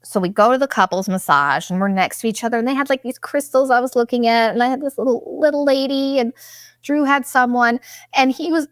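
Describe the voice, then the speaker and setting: A woman's voice: fairly high pitch, a little fast, no room sound, studio quality. Blunt, profane woman telling a story. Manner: blunt and profane, animated retelling with quoted asides. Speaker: podcast host. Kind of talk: casual storytelling monologue.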